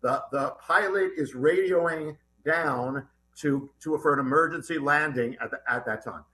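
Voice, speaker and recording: Guest author, middle-aged man, bright slightly high voice, tells his story urgently and stumbles into restarts. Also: unhurried. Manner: animated, urgent, with many restarts. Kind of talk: recounting a personal story in an interview.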